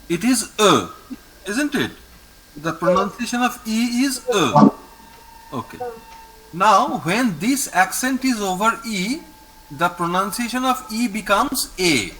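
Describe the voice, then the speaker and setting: Indian english guy teaching french over a video call, slow and patient, repeats stuff, bit of faint noise behind. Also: high voice, expressive, bright, forceful tone, low-quality recording. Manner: patient, repeats each word slowly for the student. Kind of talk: online language lesson.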